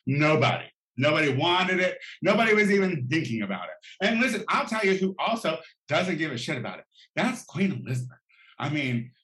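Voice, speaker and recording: A man's voice: fairly high pitch, sharp tone. A man doing a sassy, profane comedic rant, campy and full of exaggerated outbursts, recorded in an echoey room. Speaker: vlogger.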